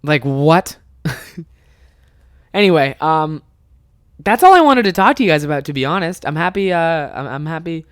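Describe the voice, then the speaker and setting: Young guy doing a solo comedy podcast, animated storytelling, cusses a lot, dry close mic. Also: a little high, normal speed, smooth, no echo. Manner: animated, swearing, laughing at own stories.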